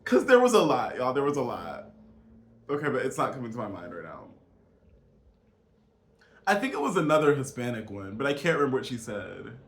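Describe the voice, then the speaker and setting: A man's voice: mid-range voice, wildly swooping pitch, brisk, long pauses. A man vlogging a casual, incredulous rant straight to his viewers, emphatic and calling them y'all. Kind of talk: casual political rant to camera. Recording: echoey room.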